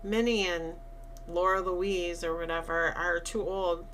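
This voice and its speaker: A woman's voice: lowish voice, steady tone, a little slow, fairly bright tone, slight background noise. A woman co-hosting a podcast in casual chat, retelling scenes and acting out the lines. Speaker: podcast co-host.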